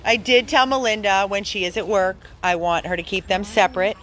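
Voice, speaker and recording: A woman dog rescuer narrating a vlog outdoors in a yard on a handheld phone camera, enthusiastic and rambling in quick bursts. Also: medium pitch, steady tone, a bit bright.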